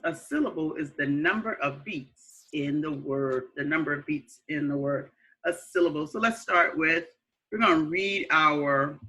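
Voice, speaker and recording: A woman teaching young children a phonics lesson, slow and patient, repeating words and praising them. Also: deep voice, fairly bright tone, rough recording. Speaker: kindergarten teacher.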